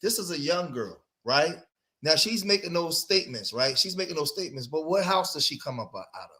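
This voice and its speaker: A man's voice: on the high side, very animated, fairly quick, sharp tone. A man hosting a reaction commentary show, talking emphatically and rhetorically and often checking in with his listeners. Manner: emphatic, rhetorical, keeps asking "right?". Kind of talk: reaction commentary on played clips.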